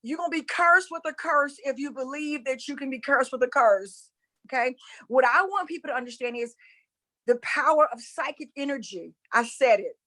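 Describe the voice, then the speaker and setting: High-voiced emphatic woman preaching. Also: moderate pace, sharp tone, rough recording. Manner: emphatic and repetitive, addresses listeners as y'all. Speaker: spiritual coach and former preacher. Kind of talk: impassioned preaching-style talk.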